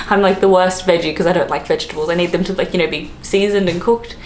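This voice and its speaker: A woman's voice: lowish voice, fairly even intonation, fast. Chatty Australian woman in an echoey room. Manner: chatty, filler-heavy, laughs often. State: hungover. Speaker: travel vlogger. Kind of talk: casual vlog chat. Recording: roomy echo, faint background noise.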